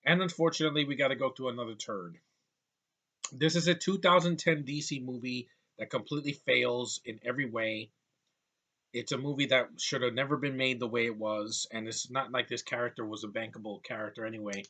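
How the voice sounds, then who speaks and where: A man's voice: mid-range voice, fairly quick, a bit bright. A man giving a blunt, exasperated movie review at home, swearing casually and piling on complaints.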